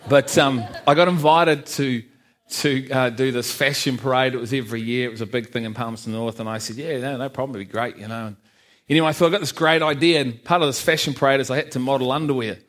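A man from England gives a personal church testimony, frank and self-mocking and often laughing at himself. His voice is medium-pitched and a bit bright, and he talks fast.

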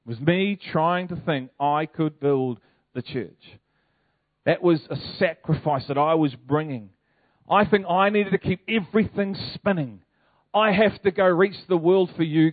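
Male NZ pastor, conversational sermon, fairly high voice, dry and tinny phone-like audio. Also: dry recording. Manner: animated, conversational preaching with rhetorical questions.

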